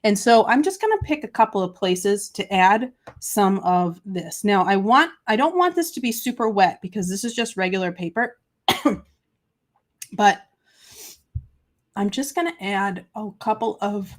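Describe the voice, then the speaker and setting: Animated and measured, a woman speaks in a mid-range voice as host of a live papercraft show. She gushes chattily to her chat during the tutorial, interrupted by coughs from a summer cold.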